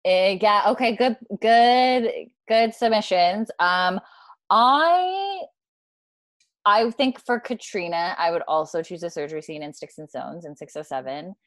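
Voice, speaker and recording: A woman hosting a casual fan discussion, animated and acting out lines she quotes, with plenty of fillers. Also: on the low side, normal speed, hardly any pauses, no room sound. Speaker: podcast host.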